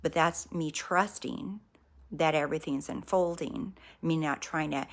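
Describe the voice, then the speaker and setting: A woman hosting a live stream on spiritual growth, speaking calmly and directly to her viewers, often repeating phrases. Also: low voice, normal speed, creaky, rough recording. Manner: calm, reassuring, repeats herself, addresses viewers directly. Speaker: livestream host.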